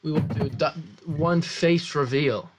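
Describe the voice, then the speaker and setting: A young man hosts a casual chat podcast with friends, speaking a bit high. He rambles and restarts his sentences. The home recording has clear background noise. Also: unhurried. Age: teens or young adult. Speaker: podcast host.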